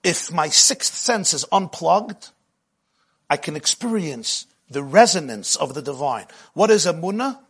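Husky-voiced man giving a spiritual lecture. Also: a little high, sing-song, a little slow, a bit bright. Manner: rhythmic, repetitive phrasing, impassioned. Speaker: Jewish teacher.

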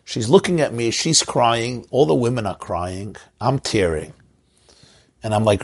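A man's voice: medium pitch, unhurried, husky. A man, a rabbi from Crown Heights, telling an emotional story in a sermon and mixing in Yiddish and Hebrew words. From Crown Heights, Brooklyn.

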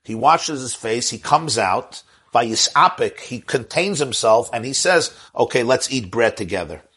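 Husky man teaching a religious class. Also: mid-range voice, expressive, unhurried, fairly bright tone. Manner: earnest, repeats key phrases, chuckles. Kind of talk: Torah lecture with questions.

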